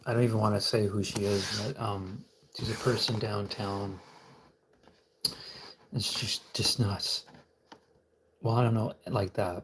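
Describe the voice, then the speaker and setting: Slow, rambling man on a home livestream. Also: fairly low pitch, a little hiss or hum. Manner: rambling, muttering to himself. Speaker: livestream host. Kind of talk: casual solo livestream chat.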